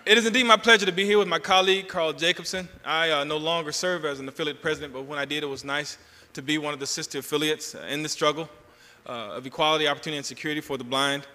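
Bright Southern man speaking in a hall. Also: on the high side, fairly even intonation, fast talker, hardly any pauses. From Georgia, US South. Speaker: national representative giving a convention address. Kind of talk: speech at a convention. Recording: long hall reverb.

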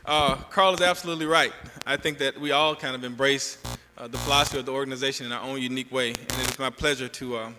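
Bright Southern man speaking in a hall. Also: mid-range voice, steady tone, quick pace, few pauses. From Georgia, US South. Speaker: national representative giving a convention address. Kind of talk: speech at a convention. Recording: long hall reverb.

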